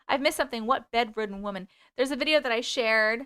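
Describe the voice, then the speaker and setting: Chatty bright-voiced woman livestream host. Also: on the high side, fast talker, hardly any pauses, clear, resonant tone, no room sound, studio quality. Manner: chatty, rambling, giggly, jumps between topics. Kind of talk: casual live-chat reading of comments.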